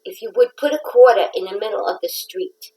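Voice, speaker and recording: A woman's voice: medium pitch, fairly quick, warm tone, low-quality recording. A middle-aged woman hosting a casual livestream, telling a rambling, playful story. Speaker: host of a craft livestream.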